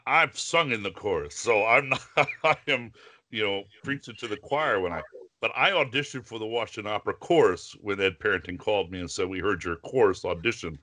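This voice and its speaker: Chatty, bright-voiced opera singer man. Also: fairly low pitch. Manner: friendly, chatty, quick to laugh. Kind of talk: casual video-call chat.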